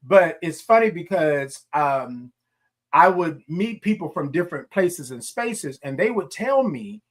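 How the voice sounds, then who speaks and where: A man's voice: fairly high pitch, animated, a little slow. A man from Houston with a Southern Texas twang, hosting a casual morning livestream, folksy and repetitive, greeting viewers by name. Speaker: morning show host.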